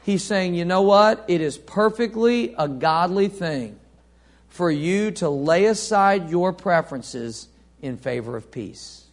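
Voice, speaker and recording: A man preaching a sermon, reading scripture aloud and asking the congregation questions, swinging from soft to loud. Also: high voice, expressive, slow. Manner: reads scripture aloud, asks the congregation call-and-response questions.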